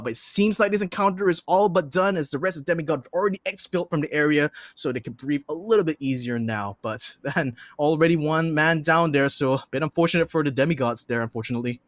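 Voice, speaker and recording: Chatty male esports analyst, slightly high voice. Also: no room sound. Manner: chatty, analytical, fills pauses with "uh". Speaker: esports caster. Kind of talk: live color commentary.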